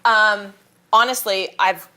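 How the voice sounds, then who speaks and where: Lively woman telling stories in an interview. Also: medium pitch, takes it slowly. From Kansas. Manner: animated, laughs often, acts out quotes. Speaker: guest. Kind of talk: casual interview storytelling.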